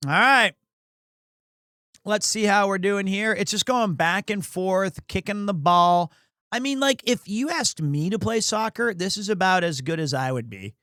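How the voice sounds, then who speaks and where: High-voiced rambling streamer man. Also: lively intonation, normal speed, sharp tone, no room sound, clean studio sound. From United States. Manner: rambling, crude, self-mocking. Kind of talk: casual joking sports commentary.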